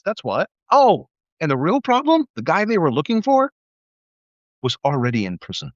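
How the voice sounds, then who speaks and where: A man's voice: a little high, moderate pace, no room sound, lo-fi sound. A man, a former police officer, telling stories and ranting in a casual livestream monologue, acting out quoted voices and swearing often. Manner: animated, acts out quoted voices, profane, laughs. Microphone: livestream mic.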